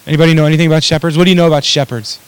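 A man's voice: a little high, fairly even intonation, very fast, clear, resonant tone, low-quality recording. A man preaching a sermon in a conversational, self-deprecating way, with asides to his audience. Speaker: pastor.

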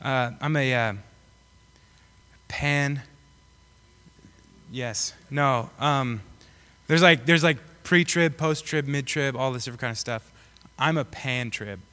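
A man's voice: medium pitch, takes it slowly, pauses often, sharp tone. Young man preaching a rambling, jokey sermon. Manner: rambling and jokey with many fillers. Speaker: pastor. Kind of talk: casual, joking sermon. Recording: long reverb of a hall.

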